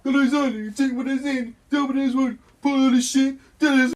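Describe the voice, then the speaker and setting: A woman's voice: high voice, normal speed, hardly any pauses. A woman doing goofy, playful rambling bits.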